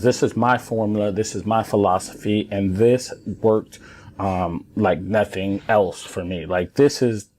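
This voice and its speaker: A man in his thirties coaches parents and young players in a relaxed, earnest talk, leaning hard on key phrases and repeating them for weight. His voice sits a little low and sounds mellow and dark. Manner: earnest, emphatic, repeats points for stress. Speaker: former pro baseball player coaching parents and kids. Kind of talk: casual instructional talk to camera.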